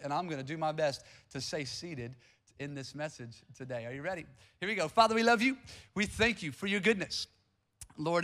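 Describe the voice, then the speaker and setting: High-voiced energetic male pastor. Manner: energetic call-and-response preaching. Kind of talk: sermon. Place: church sanctuary.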